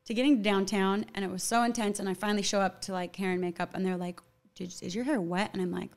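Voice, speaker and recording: A woman's voice: medium pitch, level tone, fast. Chatty young woman saying "like" a lot. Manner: chatty, fills talk with "like". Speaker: actor guest. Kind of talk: casual podcast interview.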